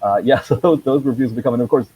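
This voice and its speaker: A movie blogger, appearing as a guest on a video call, chats casually about his blog, rambling with many ums and chuckles. His mid-range voice is husky and racing, and the recording sounds muffled.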